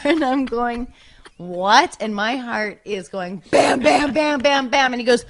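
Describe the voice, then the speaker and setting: A woman's voice: on the high side, moderate pace. A woman guest on a podcast, casually telling a long embarrassing anecdote, rambling and interrupting herself. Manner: rambling, self-interrupting, animated when retelling. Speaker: podcast guest, former sketch comedy cast member.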